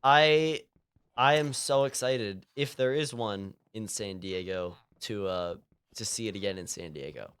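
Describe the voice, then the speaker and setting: A young Californian man streaming a game speaks a little slowly in a fairly low voice with a clean, fairly bright tone. His casual chat rambles, full of fillers and frequent laughs.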